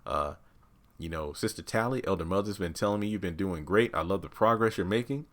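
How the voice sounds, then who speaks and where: A man voicing a smooth-talking male cult leader, speaking low and slow. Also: fairly bright tone. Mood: friendly.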